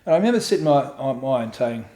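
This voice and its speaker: A man's voice: mid-range voice, fast. A middle-aged man telling a raw personal story as a podcast guest, swearing freely and acting out what people said. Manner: profane, animated storytelling with acted-out quotes. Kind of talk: candid storytelling interview. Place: room in his home. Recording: echoey room at home.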